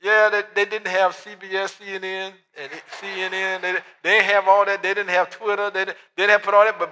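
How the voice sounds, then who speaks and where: A male pastor preaching with a high, bright, ringing voice. He tells the story in a lively way, drops to soft asides for the dialogue and climbs to fervent shouts. The sound carries a long reverb, as in a big church hall. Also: fairly quick, hardly any pauses. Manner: storytelling preacher, acts out the Bible dialogue in quiet asides, then builds to shouts. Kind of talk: sermon.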